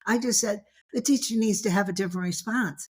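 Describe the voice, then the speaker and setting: A woman's voice: medium pitch, fairly quick. An older grandmother, a guest on an interview show, telling stories in a rambling way, full of "you know" and restarts, acting out the voices she quotes. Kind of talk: casual interview storytelling.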